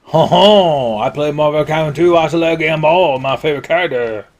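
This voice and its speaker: Guy doing a whooping Cajun man in a put-on Cajun accent, loud and pitched up, hollers between phrases. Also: moderate pace, natural voice. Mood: hollering. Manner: whooping, broken grammar.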